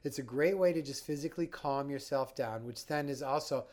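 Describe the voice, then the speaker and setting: Calm man coaching slow breathing. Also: medium pitch. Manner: calm, guiding, acts out the panicked mind. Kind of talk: instructional talk.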